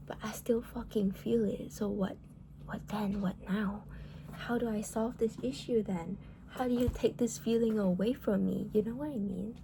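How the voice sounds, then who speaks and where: Woman ranting bout relationships, gravelly low-key dark voice, swears a lot, says like constantly. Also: slight background noise. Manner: blunt, heated, swears often, many "like" fillers. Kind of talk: casual venting monologue.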